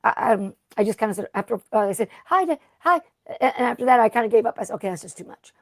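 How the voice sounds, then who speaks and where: A woman's voice: medium pitch, fairly even intonation, very fast, darkish tone, no echo, studio quality. A middle-aged woman hosting a casual craft livestream, rambling and chatty as she greets viewers by name. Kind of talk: casual live-stream chat.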